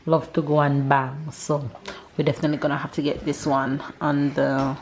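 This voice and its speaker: A woman's voice: sits low, flat delivery, normal speed, a little mellow, a little hiss or hum. A Jamaican woman in her thirties, chatting casually to camera at home as a family vlogger, a little scattered, with Jamaican English grammar. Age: 30s. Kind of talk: casual vlog chat to camera.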